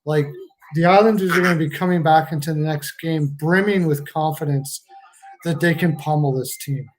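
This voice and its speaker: A man's voice: fairly high pitch, steady tone, moderate pace. A young man hosting a casual live hockey chat, rambling and reading out viewer comments. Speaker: podcast host.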